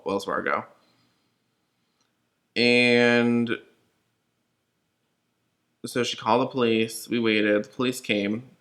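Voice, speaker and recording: A man's voice: lowish voice, a bit bright. A young man from California, shaken and upset, telling a personal story in a casual, profane, rambling way full of fillers. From Los Angeles.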